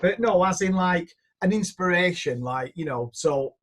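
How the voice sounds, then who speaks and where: A man's voice: high voice, expressive, moderate pace, a bit bright. A middle-aged man from northern England, chatting casually and telling rambling stories as a music producer. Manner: chatty storyteller, rambling anecdotes, swears casually. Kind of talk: casual chat.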